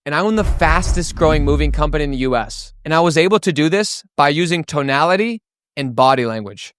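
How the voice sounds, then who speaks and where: A young man coaching sales tonality to camera, animated and acting out the tones he explains. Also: on the high side, smooth, no echo, studio quality. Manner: animated, demonstrates tones with his voice. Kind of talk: energetic teaching to camera.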